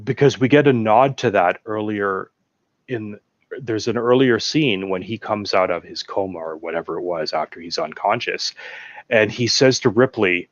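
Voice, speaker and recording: A man's voice: lowish voice, measured pace, no room sound, muffled recording. A man enthusiastically retelling film moments in casual chat, bursting into acted-out quotes. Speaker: podcast guest.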